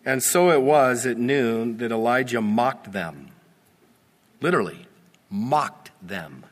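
Man, pastor; measured, deliberate sermon delivery with wry asides; reverberant sanctuary sound. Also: mid-range voice, lively intonation. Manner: expository, teasing asides, emphatic.

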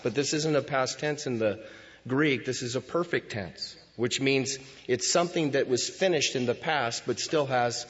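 A man preaching a sermon as pastor in a church, moving between hushed lines and loud cries. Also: medium pitch. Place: church sanctuary. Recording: dull sound with long hall reverb.

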